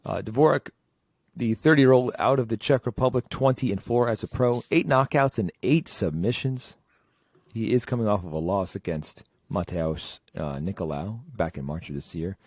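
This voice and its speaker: A man hosting a podcast, introducing fights and reading fighter stats in a measured way. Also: lowish voice, a little mellow, no room sound. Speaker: podcast host. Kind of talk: casual show segment host.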